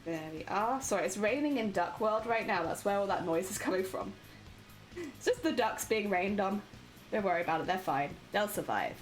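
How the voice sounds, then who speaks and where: British woman, young adult, casual stream chat, animated sing-song pitch, faint background music. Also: normal speed. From Britain. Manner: chatty, greets viewers warmly, sing-song pitch jumps. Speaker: crafting streamer. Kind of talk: casual live-stream chat while crafting.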